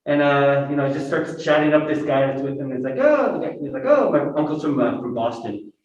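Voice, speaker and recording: A man's voice: mid-range voice, fairly quick, darkish tone, a little hiss or hum. A man hosting a reading series, casually introducing the authors with a rambling anecdote at an arts center. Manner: chatty, rambling, with restarts. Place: arts center event room, in person and on video call. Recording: echoey room, picked up from a distance, muffled.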